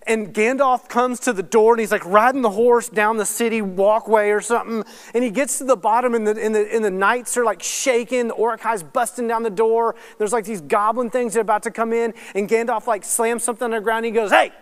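A man teaching at a Bible study, swinging from hushed, earnest lines to loud, rapid, excited asides. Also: very high voice, clean tone, big-room sound. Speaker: guest speaker at a Bible study. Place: church hall or meeting room.

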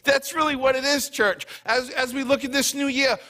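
A male pastor preaching a conversational sermon to a church congregation, talking energetically in quick bursts. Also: very high voice, level tone, bright, forceful tone. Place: church hall before a congregation.

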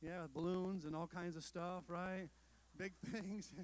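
A man's voice: high-pitched, steady tone, moderate pace, rough recording. A male pastor preaching a sermon in a conversational way, with rhetorical questions, asides and self-deprecating jokes to the congregation.

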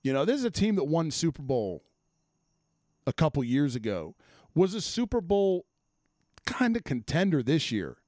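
A man's voice: fairly high pitch, very animated, normal speed, long pauses, a little mellow, no room sound. Man, sports talk host, blunt profane rant, exasperated, dry close sound. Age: adult, former offensive lineman.

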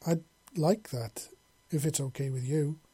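Affectionate young woman as a male narrator puts her on, effusive, lifted pitch, husky. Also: a little slow, mellow. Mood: eager. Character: warm emotional young human woman, affectionate.

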